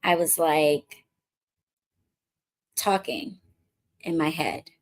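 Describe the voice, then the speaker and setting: Speaking very slowly in a voice that sits low, a witchcraft coach and podcast host from the Bronx, New York, chats through a casual story. She's animated, acting out quoted lines, and is an adult woman married since before 2020.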